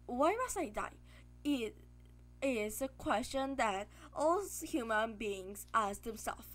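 A woman voicing a grandiose, mad and very rich man who is a villain, speaking in calm, self-assured speeches. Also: a little high. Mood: grand.

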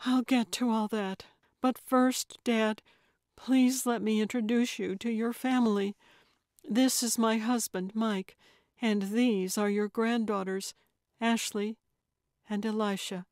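A woman's voice: on the high side, fairly even intonation, takes it slowly, a little mellow, no echo, studio quality, voice pushed up. A woman voicing an emotional adult daughter coming home, speaking breathlessly. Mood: tearful.

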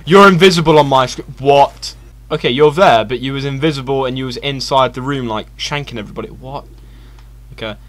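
A young man giving casual, excitable co-op gameplay commentary, laughing and yelling at his teammate. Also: mid-range voice, a little fast. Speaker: gaming channel host.

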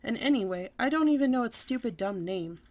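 A woman voicing a sassy, bossy little kindergarten girl who whines and pouts loudly while reading a storybook aloud. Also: fairly high pitch, animated, brisk, close to an everyday voice. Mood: whiny pleading. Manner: whiny, loud, pouty.

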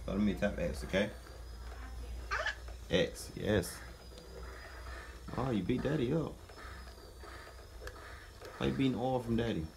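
A man's voice: medium pitch, slow pace, vocal fry, pauses often, background noise. A man vlogging with his young son, talking in a playful, teasing way and coaxing the boy along. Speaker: vlogger dad. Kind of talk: casual family vlog chat.

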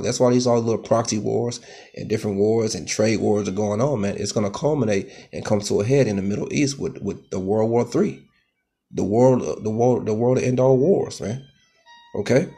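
A man preaching from scripture in a husky, somewhat low voice. He peppers his lines with "man" and "okay" and stumbles through restarts. He turns loud and heated at times. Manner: grows loud and heated, pitch rising sharply. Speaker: street preacher. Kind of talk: scripture teaching sermon.

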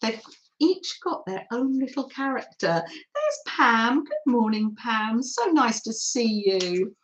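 Woman, middle-aged, craft stream host, greets viewers by name, slow easy pace. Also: fairly high pitch, very animated. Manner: friendly, reads out chat comments while crafting. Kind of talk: chatty live craft demo, greeting viewers.

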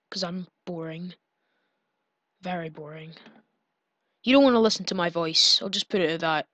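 Brief: woman channel host, playful game commentary, high voice, very unhurried delivery. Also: fairly bright tone, no echo, highs cut off. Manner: playful, pleading and gloating in turns. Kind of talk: gameplay commentary.

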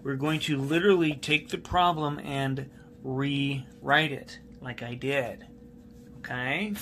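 Patient, bright-voiced man teaching math. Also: medium pitch, steady tone, slow. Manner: patient, repeats key steps, asks students questions. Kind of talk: recorded classroom math lesson.

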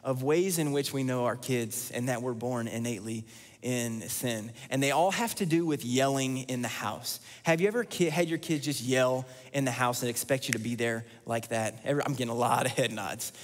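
A man's voice: medium pitch, moderate pace. A man preaching a sermon as pastor, earnest and repeating key lines for emphasis. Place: church sanctuary. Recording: long church hall reverb.

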